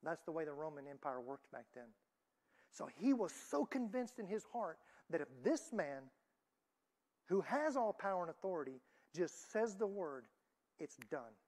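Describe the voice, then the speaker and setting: A woman preaching a sermon in a church, moving between loud emphatic lines and soft, hushed ones. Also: low voice, very animated, measured pace.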